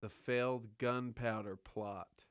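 A man's voice: mid-range voice, fairly even intonation, takes it slowly, smooth, no room sound, studio quality. A man hosting a podcast, chatting casually with skeptical questions and easy laughter. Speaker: podcast host. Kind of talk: casual chat.

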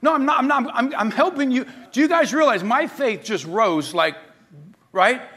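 High-voiced, bright animated male pastor. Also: moderate pace, slightly rough. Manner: animated storytelling, acting out quoted voices. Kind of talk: sermon.

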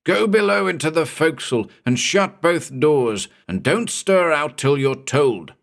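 A man reading a story, voicing a stern ship's captain who shouts orders into the fog. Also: low voice, expressive, normal speed. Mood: shouting stern. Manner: shouting sternly, urgent commands.

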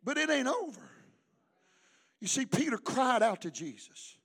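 A man's voice: extremely high pitch, sing-song, measured pace, vocal fry, fairly bright tone, husky. A man preaching a sermon as pastor at a church service, fervent and emphatic, urging the congregation to repeat after him. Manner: fervent, emphatic preaching with call-and-response prompts.

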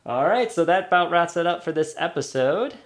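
A man's voice: a little high, lively intonation, brisk. A man hosting a casual movie podcast, quizzing his guest in a playful, chatty way. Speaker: podcast host.

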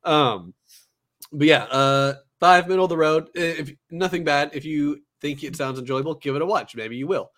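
A young man co-hosting a casual anime review podcast, relaxed and rambling with lots of fillers. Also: fairly high pitch, normal speed.

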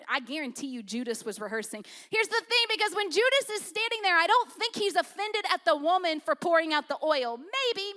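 A woman pastor with a very high voice preaches in a conversational, humorous style. She moves from loud emphasis to hushed, intimate lines.

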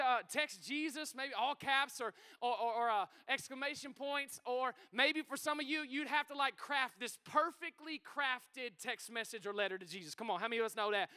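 A male pastor, preaching a sermon in a church in an excitable, energetic, joking way. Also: extremely high pitch, moderate pace, few pauses, clean tone. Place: church sanctuary.

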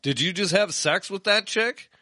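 Sarcastic podcast co-host, bright man. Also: high-pitched, moderate pace, no echo. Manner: sarcastic, joking, laughs often. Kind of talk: casual podcast banter.

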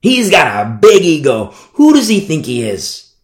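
A man's voice: on the high side, huge pitch swings, measured pace, roomy sound. A man preaching a verse-by-verse Bible study sermon, repeating phrases and asking rhetorical questions. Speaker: pastor. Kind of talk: expository Bible teaching sermon.

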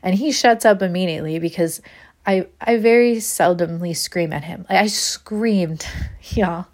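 A woman's voice: fairly low pitch, measured pace, a little mellow. Candid woman telling a parenting story. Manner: candid, self-deprecating, laughs often. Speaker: podcast host. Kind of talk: personal storytelling.

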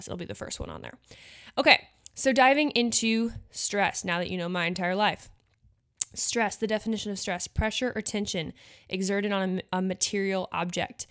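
A woman's voice: on the low side, a bit bright. A young woman from the Midwest hosting a podcast, talking casually and chattily with lots of fillers and asides. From Nebraska. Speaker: podcast host and pageant coach. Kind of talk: casual solo podcast talk.

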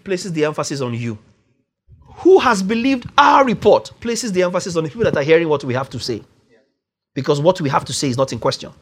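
A man's voice: on the high side, husky. A man preaching a sermon, stressing key words by drawing them out and rising to exclamations.

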